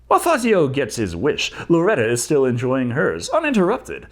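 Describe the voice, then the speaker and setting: A man's voice: mid-range voice, wildly swooping pitch, normal speed. A man narrating a comedic movie review in a sarcastic, jokey manner.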